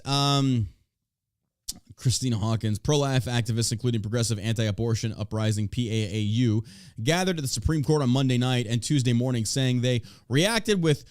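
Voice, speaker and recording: A man hosting a podcast, mid-pitched and animated, swearing freely and jumping up in pitch when he is riled. His voice is recorded dry and close. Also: no room sound. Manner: animated, profane, sarcastic. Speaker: podcast host. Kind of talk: casual podcast chat.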